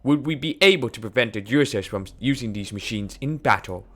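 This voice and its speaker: A man playing an aging scientist mentor in a game, calm and heavy with regret. He talks quietly and deliberately, with a lively rise and fall. The voice keeps a bright, sharp tone. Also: mid-range voice. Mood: reminiscing. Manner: quiet, measured, somber. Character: older male scientist mentor, calm and sorrowful. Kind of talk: reading game dialogue aloud.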